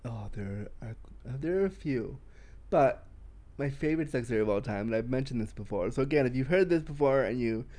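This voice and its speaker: A man in casual podcast chat, telling stories in a brash, animated way, swearing often and laughing. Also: mid-range voice, a little fast.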